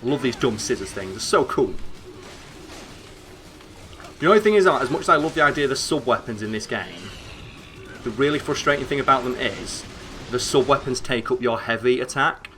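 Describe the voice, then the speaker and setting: A young man with a northern English accent, chatting excitably and swearing as he streams a game, rambling with lots of fillers. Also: mid-range voice, brisk, pauses often, slight background noise. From northern England. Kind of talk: casual gameplay commentary.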